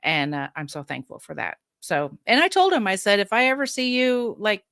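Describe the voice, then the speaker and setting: A woman in her fifties talks openly as a podcast guest, frank and emphatic, with a clear, bright tone. She breaks into quick laughs between points. The sound is close and dry, with no room around it. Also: mid-range voice, big pitch swings, no echo. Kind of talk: candid personal storytelling.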